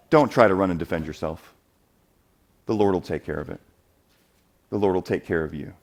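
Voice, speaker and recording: A man preaching a sermon as the church's elder, conversational and animated, jumping much higher and louder when he acts out quoted speakers, then dropping to a quiet, earnest tone to urge his listeners. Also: a little fast. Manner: animated, acts out quoted voices with big jumps in pitch and loudness. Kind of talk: expository sermon. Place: church sanctuary.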